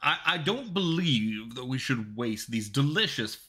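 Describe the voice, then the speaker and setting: A man's voice: medium pitch, very animated, a little slow, fairly bright tone, husky, exaggerated voice. A man voicing a formal, courteous hero in his forties. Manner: stiff, courteous.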